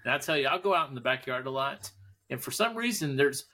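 A man's voice: medium pitch, animated, fast talker, bright, forceful tone, a little hiss or hum. A man co-hosting a podcast, rambling through stories in easygoing casual chat. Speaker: podcast co-host.

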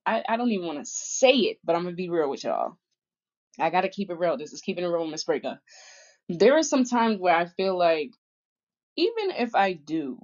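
A woman speaking candidly and bluntly in a personal vlog, getting emotional as she talks about family and moving on. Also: lowish voice. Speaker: vlogger. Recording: dull lo-fi audio.

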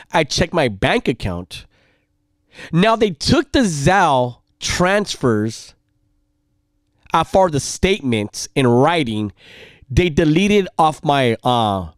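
A man telling a rambling personal story in a casual way. He repeats himself and gets louder and more heated as the story builds. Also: fairly high pitch, no room sound, studio quality. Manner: rambling, animated, repeats himself, heats up when recounting anger.

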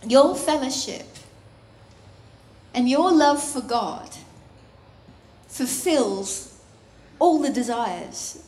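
A woman preaching a sermon, expressive, with bursts of laughter and sung phrases. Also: high-pitched, drawn-out words, long pauses, reverberant, slight background noise.

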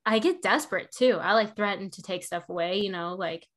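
A woman and mother hosting a casual chat, frank and animated, swearing freely. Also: mid-range voice, brisk.

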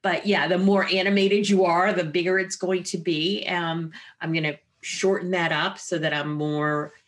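A woman voice therapist explaining her methods in an interview, with an animated, wide-ranging inflection. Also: on the low side, normal speed. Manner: explanatory and clinical.

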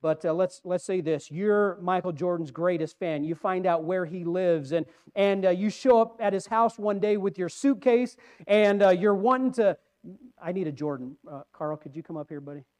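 A man's voice: high-pitched, normal speed, darkish tone. A man preaching a conversational sermon, rambling and putting questions to the congregation.

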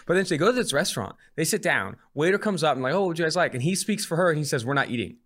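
A man's voice: a little high, racing. A man in his twenties hosting a podcast, chatting casually and telling stories with jokey energy. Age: 20s. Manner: animated storytelling, jokey. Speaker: podcast host.

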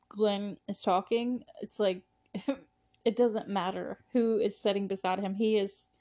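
A woman's voice: medium pitch, darkish tone. A young woman hosting a podcast, chatting casually and gushing about a movie, rambling with frequent laughs. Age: young adult. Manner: gushing, rambling, laughs often, many "like" fillers. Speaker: podcast host.

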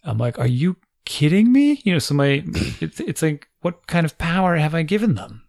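A man's voice: fairly high pitch, lively intonation, a little fast, gravelly, dry recording, clean studio sound. A man in his forties casually telling a funny family story, acting out quotes and laughing often.

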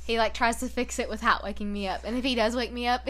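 Young female host, bright tone, lively and profane, laughs through her stories. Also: a little high, quick pace. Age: young adult. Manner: animated, swearing, acts out quotes with laughter. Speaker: podcast host. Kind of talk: casual chat.

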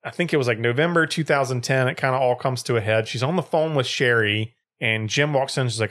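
A man's voice: medium pitch, a little fast, few pauses, fairly bright tone. A young man co-hosting a casual podcast, retelling a story with lots of swearing and acted-out quotes.

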